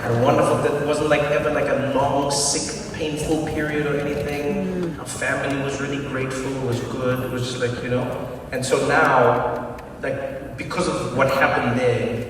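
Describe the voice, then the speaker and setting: South African comedian in an echoey theatre. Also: male voice, mid-range voice, normal speed, noisy background. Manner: animated storyteller, acts out voices. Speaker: stand-up comedian. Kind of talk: stand-up storytelling. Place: large theatre. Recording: echoey theatre recorded from far off. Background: laughing audience.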